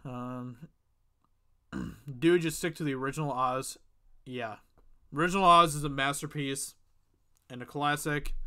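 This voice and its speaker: A man's voice: medium pitch, bright, forceful tone, clean tone. A man casually chatting on a live stream, reading chat questions and giving offhand opinions. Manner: offhand, chatty, with fillers and quick asides.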